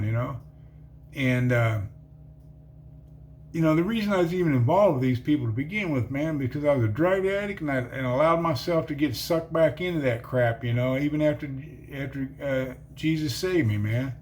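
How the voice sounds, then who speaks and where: There's a slight hiss or hum behind this middle-aged man's medium-pitched, somewhat mellow voice. He rambles through his testimony with plenty of fillers and frequently says "man" to the listener.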